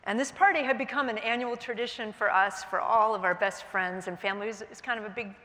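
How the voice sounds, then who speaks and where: A middle-aged woman speaks from a conference stage, telling a personal story in vivid present tense. Her voice is bright and forceful, and it carries a long hall reverb. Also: on the high side, fast. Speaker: keynote speaker.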